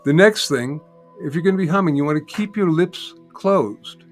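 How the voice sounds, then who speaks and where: An older man teaching as a guest in an interview, calmly explaining and demonstrating a humming practice step by step. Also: on the high side, moderate pace, faint music behind. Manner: calm, patient, repeats steps and demonstrates by humming. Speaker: sound healing teacher, guest. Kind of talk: guided instruction in an interview.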